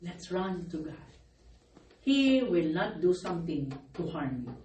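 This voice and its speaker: A woman's voice: lowish voice, sing-song, measured pace, dark tone. Woman pastor preaching, distant and echoey. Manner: calls for amens, laughs between phrases. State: losing her voice from crying. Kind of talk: sermon. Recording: echoey room, distant mic, faint noise.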